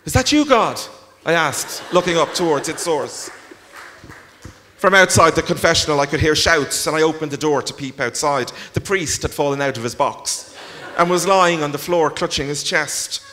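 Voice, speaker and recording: A man's voice: on the high side, moderate pace, a little hiss or hum. A man reading his first-person story aloud to a live festival audience. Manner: expressive, storytelling. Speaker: author reading at a literary festival. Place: large concert hall. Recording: long concert hall reverb.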